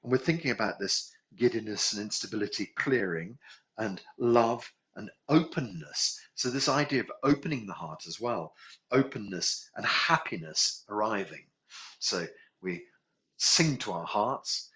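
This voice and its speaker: A man's voice: on the low side, lively intonation, unhurried, fairly bright tone. A man teaching a healing class, musing aloud, correcting himself and chuckling as he goes. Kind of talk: relaxed spoken class instruction. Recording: dull lo-fi recording.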